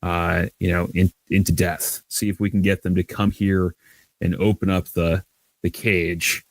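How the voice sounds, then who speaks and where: A man's voice: low voice, little pitch movement, a little slow, no echo. A man playing in a tabletop role-playing game, laying out his plan with lots of hesitant restarts. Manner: hesitant, many restarts, acts out shouted lines. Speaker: player. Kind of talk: tabletop role-play, in and out of character.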